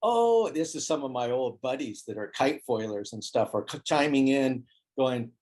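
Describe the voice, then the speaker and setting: A man telling a story as an interview guest, animated and acting out the voices of people he quotes. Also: medium pitch, moderate pace. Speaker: interview guest, foil board maker. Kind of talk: casual storytelling.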